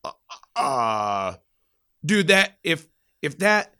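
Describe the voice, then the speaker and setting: A man co-hosting a casual podcast, spinning a long, profane story with lively energy. His voice is bright and forceful. The sound is close and dry, with no room around it. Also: on the high side, very slow, clear, resonant tone, no echo. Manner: animated, profane, rambling storyteller. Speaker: podcast co-host, former Marine.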